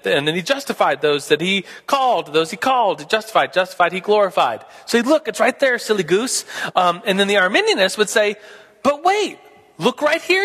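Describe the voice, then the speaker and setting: A man's voice: high-pitched, pushed and bright, in a large hall. A man teaching a Sunday school class in a casual, playful way, acting out both sides of a debate.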